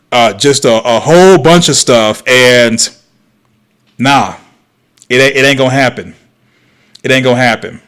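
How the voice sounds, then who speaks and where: A man's voice: medium pitch, clear, resonant tone. A man hosting a livestream, reacting to clips with sarcastic, lecturing commentary. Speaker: host.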